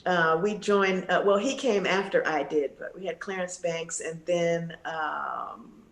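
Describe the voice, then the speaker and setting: Animated woman telling a story, roomy echo. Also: fairly low pitch, unhurried, vocal fry. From United States, Texas and California. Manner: animated, acting out the people she quotes. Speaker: guest vocalist. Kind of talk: storytelling in casual interview. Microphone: video call.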